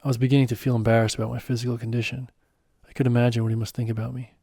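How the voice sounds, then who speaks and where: A man reads his own first-person story aloud, earnest and a little self-deprecating. His voice is warm and mellow, and the recording is dry and close. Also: mid-range voice, level tone, very fast, husky, no echo. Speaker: author and narrator.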